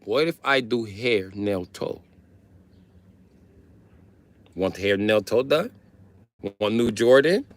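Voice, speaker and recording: A man's voice: on the low side, lively intonation, unhurried. A man voicing a flirty, pushy woman soldier who talks in clipped, broken English. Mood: pleading. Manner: clipped broken phrasing, coaxing.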